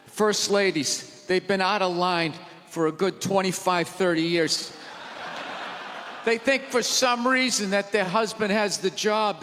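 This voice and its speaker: A high, bright, strained voice belongs to a stand-up comedian in his forties, heard with slight background noise. He rants profanely and in exasperation from a big theater stage as people laugh, recorded live in a space with long reverb.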